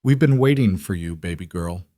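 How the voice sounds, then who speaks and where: A man's voice: deep voice, lively intonation, moderate pace, no room sound, studio quality. A man reading a frightened young father. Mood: tender. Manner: soft, with a voice that cracks. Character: frightened young father holding his wife's hand.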